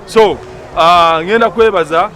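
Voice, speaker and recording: A young man from Uganda, a former student and entertainer, giving a lively casual speech outdoors at a school event and talking straight to viewers. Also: high-pitched, a little slow, soft background music.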